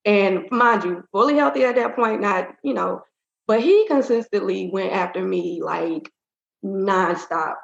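A woman's voice: mid-range voice, measured pace, creaky. A woman in an interview, speaking candidly and rambling through a personal story with lots of fillers. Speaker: interview guest. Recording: roomy, dull-sounding audio.

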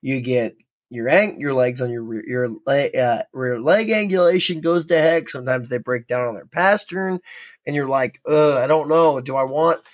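A man from North Dakota co-hosting a casual podcast chat, talking in an animated way with lots of restarts and quick laughs. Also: mid-range voice. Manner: chatty, laughing, stumbling restarts. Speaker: podcast co-host.

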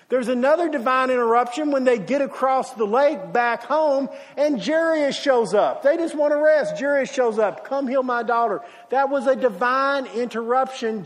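A man's voice: sits high, big-room sound. A man preaching a sermon, telling stories with emphatic rises and dramatic retellings. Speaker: pastor.

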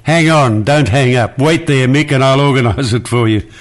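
Older aussie radio host, firm but kind with callers, bit gruff. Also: male voice, medium pitch, moderate pace. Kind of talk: talkback radio chat.

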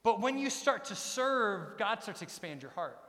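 A man's voice: high voice, sing-song, moderate pace, sharp tone. A middle-aged man preaching a sermon as pastor, emphatic and repeating his key lines. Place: church sanctuary. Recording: long reverb of a large church hall.

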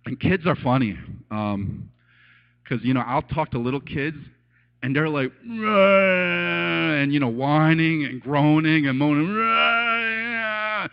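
A man preaching a casual, animated sermon as a pastor, telling stories and acting out voices with laughs. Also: mid-range voice, normal speed. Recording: dull lo-fi sound.

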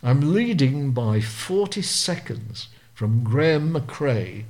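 A man's voice: mid-range voice, very animated, takes it slowly, darkish tone, a little hiss or hum. A man in his eighties from Lancashire with a Lancashire accent, a retired racing driver recounting vivid anecdotes as an interview guest. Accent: Lancashire English. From Lancashire, England. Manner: vivid storyteller, acts out the people he quotes. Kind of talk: anecdotal storytelling.

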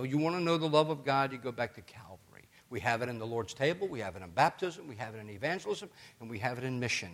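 A middle-aged man preaching a sermon as pastor, chatty and animated, telling stories with joking asides. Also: medium pitch.

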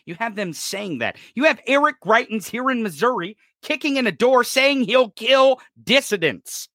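Furious podcast host, male, profane shouting rant, bright edgy voice. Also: very high-pitched, very animated, normal speed, hardly any pauses, no echo, studio quality. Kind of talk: political rant.

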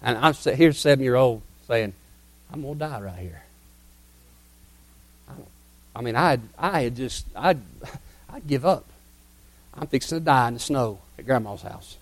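A middle-aged man, telling a childhood story in a sermon in a folksy, dramatic way that drops to hushed tones. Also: medium pitch, moderate pace, no echo. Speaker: preacher telling a testimony.

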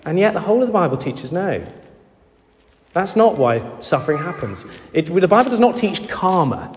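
A man's voice: high voice, very animated, moderate pace, darkish tone, a little hiss or hum. A man, a vicar, preaching a sermon in a church and acting out the voices of people in the story. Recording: long echoey church reverb.

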